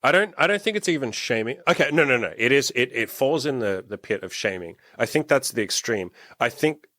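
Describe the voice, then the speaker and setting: A man's voice: mid-range voice, lively intonation, fairly quick, pushed and bright, no echo, clean studio sound. A man hosting a casual interview as a dating coach, telling stories animatedly, acting out quotes and swearing casually.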